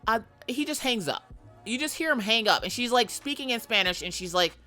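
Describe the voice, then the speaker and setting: Animated woman streamer telling stories, bright and blunt, bit of music playing. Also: fairly high pitch, a little fast. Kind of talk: casual storytelling.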